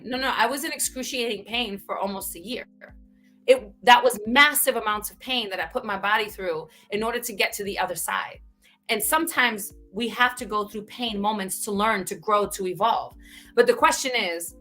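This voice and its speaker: Bright, animated woman telling her story. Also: on the high side. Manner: animated, frequent "right?" tags, bursts of laughter. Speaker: guest speaker. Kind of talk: candid conversational storytelling.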